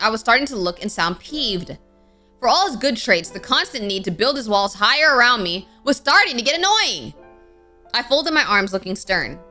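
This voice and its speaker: A young woman streamer reading a game story aloud with dramatic flair and playful casual asides. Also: mid-range voice. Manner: expressive, with sudden playful outbursts.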